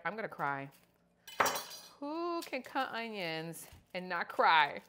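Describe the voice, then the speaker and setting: A middle-aged woman lifestyle vlogger chats playfully with her viewers while cooking in her home kitchen, tossing in joking asides during this casual cook-along vlog. Her voice is medium-pitched, sing-song and slow, picked up by a wireless clip-on mic with background noise.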